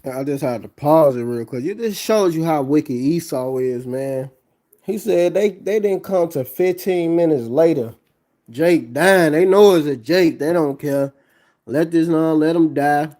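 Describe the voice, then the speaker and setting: Emphatic preaching man, higher voice. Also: unhurried, dark tone. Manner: emphatic, preachy, reads scripture aloud. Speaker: religious commentator. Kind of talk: preaching commentary on a clip.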